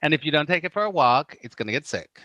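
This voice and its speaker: Brief: middle-aged male guest, crisp bright tone, dry close sound, lively storyteller. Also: fairly high pitch, fast talker, no room sound. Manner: animated storyteller, acts out quoted voices, many "you know"s. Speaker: guest, spiritual teacher. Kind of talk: casual podcast conversation.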